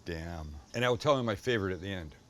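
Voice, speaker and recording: A man's voice: sits low, expressive, fast, a bit bright. A middle-aged man hosting a casual cooking show, joking and talking straight to the viewer as he cooks and tastes. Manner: enthusiastic, jokey, talks to the viewer.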